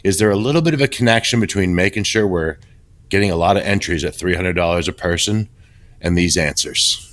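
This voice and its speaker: A middle-aged man co-hosting a podcast over a video call, telling blunt stories candidly and with lively restarts. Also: deep voice, fairly quick. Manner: candid, animated storytelling with restarts. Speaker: podcast co-host. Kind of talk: casual podcast chat.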